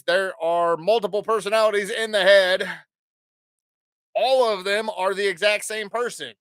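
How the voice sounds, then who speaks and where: A man's voice: high-pitched, fairly bright tone, no echo, studio quality. A man hosting his own podcast, rambling casually with plenty of swearing and jokes. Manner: profane, rambling, jokey. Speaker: podcast host.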